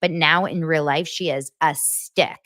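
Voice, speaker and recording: A woman's voice: a little slow, dry recording, clean studio sound. A woman in her forties hosting a podcast, chatting casually about TV and laughing often. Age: 40s. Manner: animated, acts out quotes in a higher voice, laughs often. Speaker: podcast host. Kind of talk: casual pop-culture recap chat.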